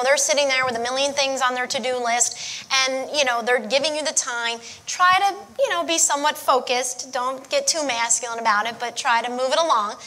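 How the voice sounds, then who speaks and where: Woman, marriage counselor, high voice, bright tone, direct coaching. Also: a little hiss or hum. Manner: direct, coaching, checks in with "okay?". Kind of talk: church marriage teaching.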